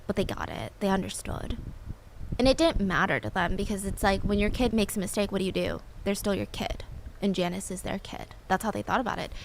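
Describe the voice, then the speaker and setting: A woman's voice: mid-range voice, creaky, a little hiss or hum. A woman narrating a true story in a casual, chatty way, with filler words and personal asides.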